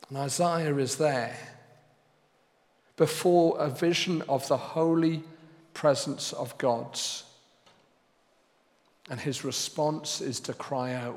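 A man preaching a sermon as pastor, speaking slowly and deliberately and pressing hard on key words. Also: a little high, in a large hall. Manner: slow and deliberate, with loud emphatic stresses.

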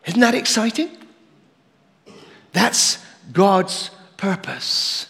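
A man's voice: high-pitched, sing-song, slow, gravelly, fairly bright tone. An older man, a former pastor, preaching a sermon with rambling asides and many fillers. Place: church sanctuary. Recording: long hall reverb.

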